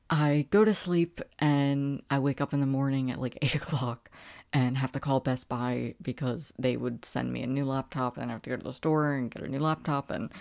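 A woman's voice: rumbling low, darkish tone. A young woman hosting a book podcast, telling a story in a chatty, exasperated way with lots of fillers. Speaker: podcast host. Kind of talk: casual rambling monologue.

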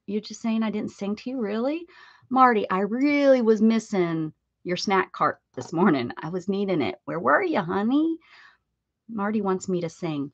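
A woman's voice: mid-range voice, moderate pace, dry recording, highs cut off. A woman hosting an art livestream, chatting playfully with viewers, laughing often and singing a short welcome jingle. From United States. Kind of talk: casual chat greeting viewers.

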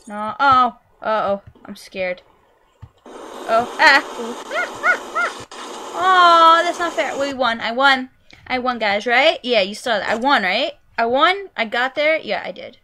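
A young woman commentating her own gameplay, goofy and excitable, yelping and squealing at what happens on screen. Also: medium pitch, a little hiss or hum. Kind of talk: let's play commentary.

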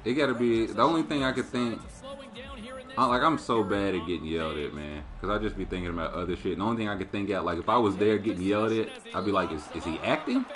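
A man with a lowish voice talks quickly while streaming a hockey video game, chatting casually and animatedly and swearing freely. Arena crowd noise and commentary from the game play behind him.

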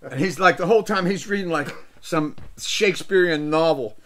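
An older man with a fairly high voice, hosting his own show and spinning rambling, salty barroom tales. He loses his place mid-story and laughs at his own jokes. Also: normal speed, a bit bright. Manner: salty, rambling anecdotes that lose the thread. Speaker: show host and musician.

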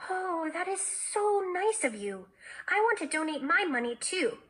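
A woman's voice: on the high side, very animated, normal speed, pushed and bright, full character voice. A woman voicing Megan, a bubbly, generous young schoolgirl who squeals and gushes, in a storybook read-aloud. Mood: gushing. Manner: squealing, gushing.

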